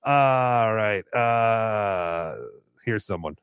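A man's voice: lowish voice, drawn-out words, clear, resonant tone, no echo, phone-quality sound. A man hosting a live stream, casually playing callers' voicemails and chatting about them. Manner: easygoing, swears casually.

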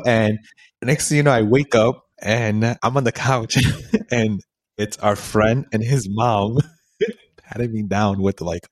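A man's voice: on the low side, no room sound. A young man from a Puerto Rican family, co-hosting a podcast and telling a story in a laughing, casual way. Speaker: podcast co-host. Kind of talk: casual chat. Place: home, sitting face to face.

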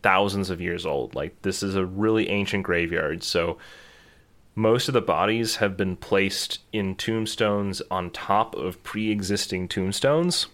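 A man's voice: deep voice, a little slow, a bit bright. A man in casual chat, telling a travel story with lots of fillers and restarts.

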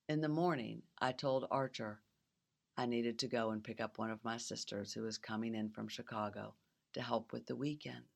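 Woman host, gravelly and intimate, reflective personal narration over faint music. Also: very deep voice. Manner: soft and intimate, drops to a whisper at times. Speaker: podcast host.

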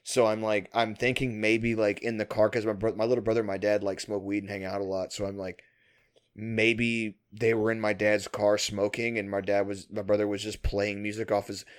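A man's voice: lowish voice, level tone, moderate pace, clean tone. Rambling, laughing man telling stories. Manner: rambling storyteller, swears, laughs often. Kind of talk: casual chat.

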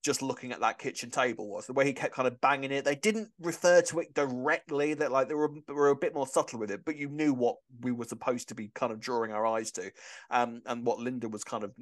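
Chatty man, mid pitch. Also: fast talker. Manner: chatty, enthusiastic, restarts often. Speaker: podcast co-host. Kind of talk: casual chat about a soap opera.

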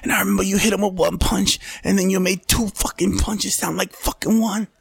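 A man's voice: high voice, steady tone, slow, gravelly, fairly bright tone, breathy edge, dry recording, pitched above the performer's own voice, full character voice. A man voicing an emotional older male boxer, whispering and choked up as if close to tears, in a casual podcast impression.

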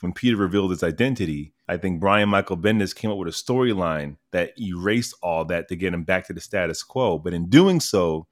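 A man hosting a pop culture podcast, talking in an upbeat, teasing, chatty way. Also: fairly low pitch. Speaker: podcast host. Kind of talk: casual chat.

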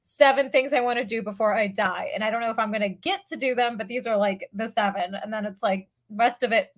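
A woman with a slightly high voice chatting casually. She rants fast and jokes with plenty of swearing. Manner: fast, profane, joking rants. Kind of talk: casual chat.

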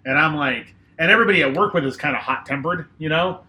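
A man's voice: fairly high pitch, fast talker, bright, forceful tone, roomy sound. A man co-hosting a podcast, telling a rambling story full of swearing and fillers. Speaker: podcast co-host. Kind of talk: casual storytelling.

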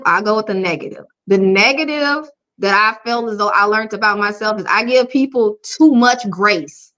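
A woman's voice: medium pitch, pushed and bright. A woman life coach speaking frankly and openly in an interview. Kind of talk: candid conversational interview. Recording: dull lo-fi audio.

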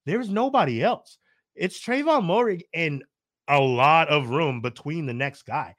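Laid-back man with a higher voice talking sports. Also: lively intonation, unhurried, a bit bright, dry recording, clean studio sound. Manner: laid-back and opinionated, laughs easily, uses slang. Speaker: sports podcast co-host. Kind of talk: casual sports podcast chat.

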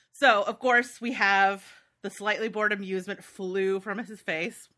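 A woman's voice: mid-range voice, steady tone, unhurried, hardly any pauses, sharp tone. A woman co-hosting a podcast, chatting casually and enthusiastically about a book she loves. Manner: enthusiastic, reads passages aloud. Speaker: podcast co-host.

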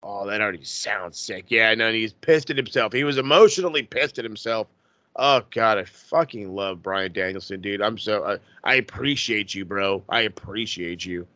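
A man chats on a podcast in a bright, forceful voice, fired up and swearing freely. The sound is close and dry, with no room around it. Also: fairly low pitch, moderate pace, dry recording. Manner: excitable and profane, gushing. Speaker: podcast co-host. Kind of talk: casual chat.

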